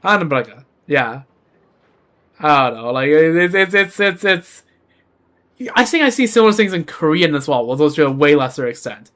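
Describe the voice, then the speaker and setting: A man's voice: fairly high pitch, animated, normal speed, a bit bright. A man streaming a game, chatting casually in a rambling way and repeating words as he thinks. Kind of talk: casual gameplay commentary.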